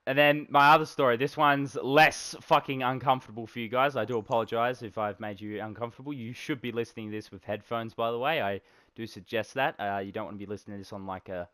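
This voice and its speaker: A young man tells a long rambling story, swearing constantly and drifting between low mumbles and louder outbursts. His pitch sits in an ordinary middle range. The sound is dry and close, with no room around it. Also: steady tone, quick pace, clean tone, dry recording. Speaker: podcast co-host. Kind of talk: casual chat.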